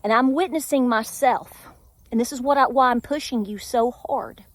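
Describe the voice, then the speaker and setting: A woman's voice: fairly high pitch, moderate pace, no echo. A middle-aged woman with a Tennessee accent, talking in a casual vlog with earnest, preachy encouragement. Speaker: homestead vlogger. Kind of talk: casual faith-filled vlog talk.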